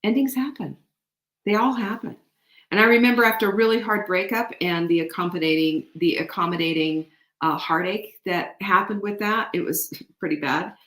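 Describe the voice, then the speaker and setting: A woman hosting a show, giving an animated, faith-filled motivational talk to women. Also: mid-range voice, normal speed. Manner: animated, emphatic, faith-inspired encouragement. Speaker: show host. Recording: echoey room.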